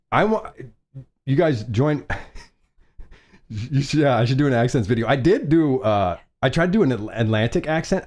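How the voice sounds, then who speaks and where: A man's voice: medium pitch, darkish tone. A man hosting a casual fashion live stream, chatty and rambling, often restarting and laughing at himself.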